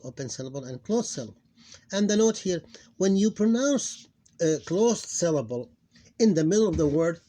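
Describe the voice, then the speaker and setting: Deliberate man teaching syllables. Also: on the high side, warm tone. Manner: speaks in short broken phrases with many restarts; reads syllables out slowly and deliberately. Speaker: Arabic phonics teacher. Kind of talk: recorded lesson.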